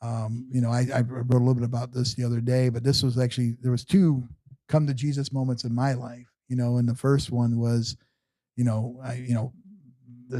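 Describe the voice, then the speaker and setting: Middle-aged male guest, warm dark voice, dry close sound, halting storyteller full of "you know". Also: medium pitch, dry recording. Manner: halting, repeats words, many "you know"s. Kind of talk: personal storytelling interview.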